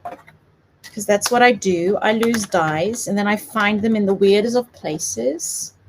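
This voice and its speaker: A woman's voice: mid-range voice, slow, slight background noise. A woman from South Africa with a light South African accent, giving a chatty, giggly live papercraft tutorial. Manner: chatty, giggly, self-deprecating. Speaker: papercraft demonstrator.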